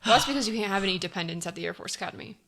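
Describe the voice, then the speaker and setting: A young adult woman co-hosting a casual podcast chat, chatty and quick to apologize for cutting in. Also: medium pitch, gravelly, sharp tone.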